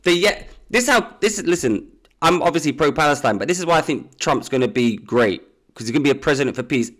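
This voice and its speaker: A man co-hosting a podcast, talking in an animated, rambling way with many restarts. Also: fairly high pitch, fast. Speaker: podcast co-host. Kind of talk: casual chat.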